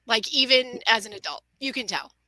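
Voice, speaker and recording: A woman's voice: a little high, lively intonation, a little fast, sharp tone, no echo. A woman with a Midwestern accent, co-hosting a casual podcast chat and laughing easily. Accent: Midwestern American. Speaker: podcast co-host.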